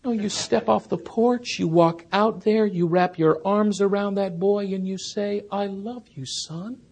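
A man preaching an expository sermon as a pastor, earnest, rising to emphatic peaks and then dropping soft. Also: high voice, fairly even intonation, unhurried, gravelly.

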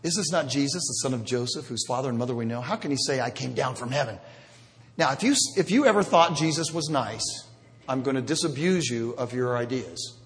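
A man preaching a sermon, animated and jokey, with sudden loud bursts. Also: medium pitch, fairly quick, big-room sound. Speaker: pastor.

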